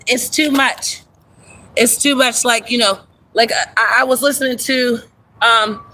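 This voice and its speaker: Bright-voiced woman chatting on a livestream. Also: a little high, slight background noise, low-quality recording. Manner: chatty, animated, greets viewers by name. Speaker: livestream host. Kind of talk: casual livestream chat. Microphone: phone.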